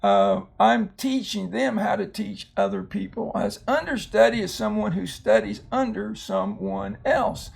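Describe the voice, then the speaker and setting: An older man gives a phonics lesson, explaining words slowly and patiently. His voice is quite high for a man and very gravelly, full of creak. He pauses often with ums and restarts. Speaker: reading tutor.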